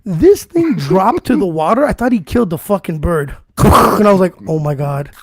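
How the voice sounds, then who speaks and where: High-pitched gravelly man telling a story. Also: very animated, normal speed, a little mellow, no room sound. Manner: profane, laughing storyteller. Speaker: podcast co-host. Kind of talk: casual podcast chat.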